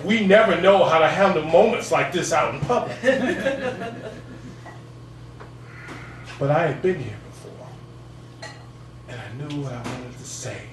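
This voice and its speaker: A man with a baritone voice performing spoken word poetry at an open mic, with a rhythmic delivery that keeps coming back to a refrain. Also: sing-song, measured pace, long pauses. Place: cafe gallery open mic stage. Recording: echoey room, far from the mic, faint hum.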